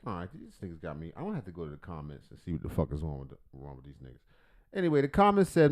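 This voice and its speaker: Over faint background music, a man with a lowish, sing-song voice races through his livestream, reacting to videos. His commentary is rambling, crude and full of jokes, with loud shifts in volume.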